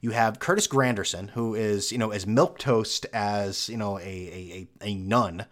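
A man's voice: lowish voice, normal speed, fairly bright tone. A young man hosting a solo podcast, rambling sarcastically from topic to topic with lots of fillers. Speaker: podcast host. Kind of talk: casual solo podcast rant.

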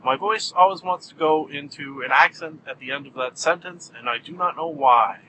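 A man's voice: on the high side, moderate pace, pushed and bright, slight background noise, rough recording. A man hosting a solo podcast in a jokey, self-mocking way with bursts of mock outrage. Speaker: podcast host.

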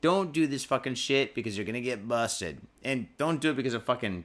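A man hosts a loose podcast, sipping booze between rambling, profanity-laced riffs. His voice sits at an ordinary middle pitch, and he drifts easily between chatty tangents and reading the news aloud. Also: animated, normal speed, fairly bright tone. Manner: profane, rambling, laid-back. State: drinking booze while talking. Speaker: podcast host. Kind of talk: casual drinking podcast chat and news reading.

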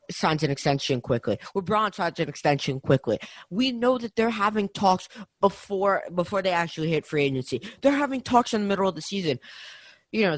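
A man's voice: high voice, a bit bright, no echo. A young man co-hosting a casual sports podcast, ranting with heat and repeating himself. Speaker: podcast co-host.

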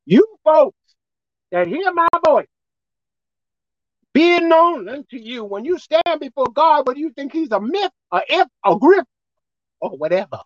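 Woman preacher, folksy and dramatic, high voice jumping all over, dull dry lo-fi sound. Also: big pitch swings, measured pace, pauses often, no echo. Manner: emphatic, dramatic swings between shouting and hushed; folksy, colloquial. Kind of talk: sermon.

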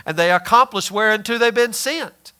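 Male preacher, high bright voice, asks questions then answers them, stretches out key words. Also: smooth. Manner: drawls some phrases slowly for emphasis. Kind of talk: sermon.

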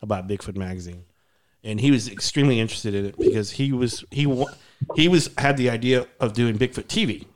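A man's voice: mid-range voice, brisk, slight background noise. A man telling stories in a casual podcast chat, rambling, with many restarts and fillers.

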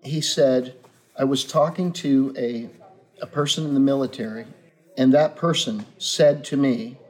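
A man's voice: medium pitch, unhurried, darkish tone. A man who is a guest in a casual chat, speaking in earnest, philosophical pronouncements. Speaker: guest playwright.

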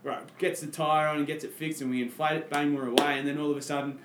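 A man's voice: fairly high pitch, little pitch movement, fast, roomy sound, heavy background noise. An Australian man, a podcast guest, telling a story in casual chat and acting out his own past lines.

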